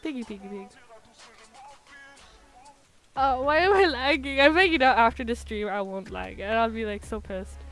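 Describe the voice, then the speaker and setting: A woman streaming a game from home, chatty and giggly, sounding tired with her voice going hoarse. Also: on the high side, normal speed, pauses often, a bit bright, faint music behind. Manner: chatty, giggly, self-mocking. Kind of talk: casual live gaming commentary.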